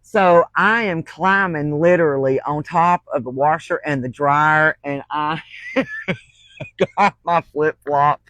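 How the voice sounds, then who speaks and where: A woman's voice: low voice, slow pace, fairly bright tone, dry recording, rough recording. A woman, hosting a crafting livestream and telling folksy stories with frequent laughter. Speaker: crafting channel host. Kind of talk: casual livestream storytelling.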